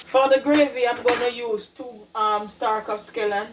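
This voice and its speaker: Woman, Jamaican accent, home cooking vlog host, chatty, talks straight to viewers, kitchen, soft sizzling in the background. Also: on the high side, fairly even intonation, moderate pace, noisy background. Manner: chatty, calls viewers "people", keeps saying "look at that". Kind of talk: casual cooking demonstration.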